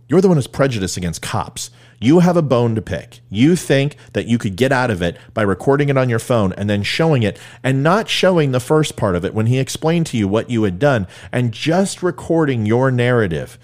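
A man's voice: mid-range voice, sing-song, moderate pace, hardly any pauses, a little mellow. Blunt, lecturing male commentator. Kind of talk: opinion commentary.

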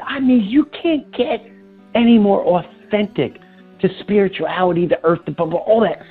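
A man hosting a podcast, telling an animated story full of quoted dialogue in an excited, breathless way. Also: high voice, normal speed, slightly rough, soft background music. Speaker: podcast host. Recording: tinny phone-line sound.

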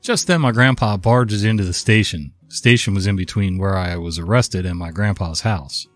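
A man's voice: deep voice, normal speed, no room sound, faint music behind. A man in his fifties, worn out from a cold, casually narrating a story in a conversational way. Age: 50s.

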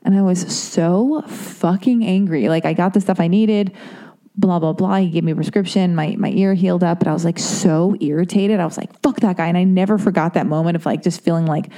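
A woman's voice: lowish voice, fairly even intonation, fast, mellow. A young woman hosting a podcast, telling a long rambling story in a casual, profane, self-mocking way. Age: young adult. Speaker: podcast host.

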